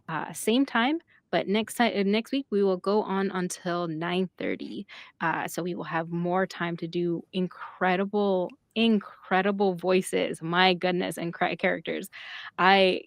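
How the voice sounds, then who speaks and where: A woman's voice: lowish voice, fairly even intonation, unhurried, no echo, clean studio sound. A woman narrating as game master, chatty and full of filler words.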